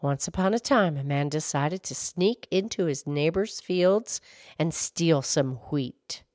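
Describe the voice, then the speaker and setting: A woman reading folk tales aloud in an expressive, measured storytelling manner. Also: sits low, no room sound, studio quality.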